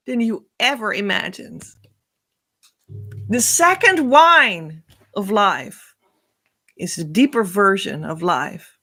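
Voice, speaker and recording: Woman spiritual host: unhurried, earnest storytelling that rambles and restarts. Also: medium pitch, expressive, sharp tone. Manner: rambling, searching for words, often restarting; emotional and earnest.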